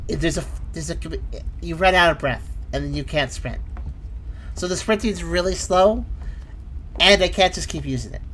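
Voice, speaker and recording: A woman's voice: fairly low pitch, moderate pace, long pauses, a bit bright, slight background noise. A woman giving casual let's-play commentary, exclaiming and thinking aloud as she plays. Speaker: gameplay commentator.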